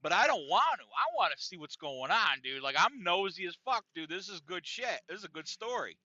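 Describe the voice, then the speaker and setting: Animated, profane man telling a story. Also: sits high, a little fast, no echo. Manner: animated, profane, laughing often. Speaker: podcast host. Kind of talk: casual storytelling. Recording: dull lo-fi dry sound.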